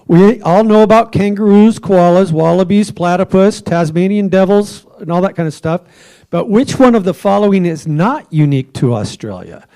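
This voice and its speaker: A man's voice: sits high, lively intonation, normal speed, dark tone. A man hosting a trivia quiz at a club meeting, joking with the tables and offering hints for a dollar.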